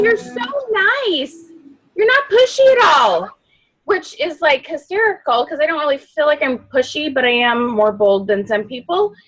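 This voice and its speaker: Woman, sales coach, loud, outgoing, high-pitched, animated coaching talk. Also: low-quality recording. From not from the Midwest.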